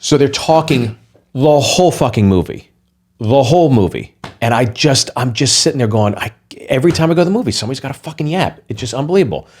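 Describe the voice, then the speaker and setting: A man's voice: mid-range voice, animated, fast talker, darkish tone. A man who is a comedian, telling a heated, profane anecdote in a casual podcast chat.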